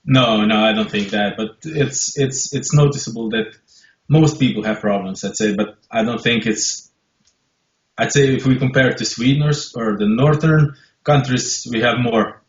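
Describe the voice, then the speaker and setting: A man in his thirties with a Slovenian accent, a dentist calmly explaining things as an interview guest on a headset. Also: mid-range voice, normal speed, echoey room, muffled recording. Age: 30s. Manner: calm, matter-of-fact, explaining. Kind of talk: interview answers.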